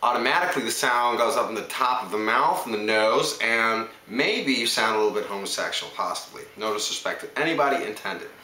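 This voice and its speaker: A man's voice: on the low side, expressive, a little fast, hardly any pauses, pushed and bright. A man, an actor, talking casually to camera while switching through a string of different English accents. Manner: hops between English accents, chatty and self-assured. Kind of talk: accent showreel monologue. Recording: echoey room.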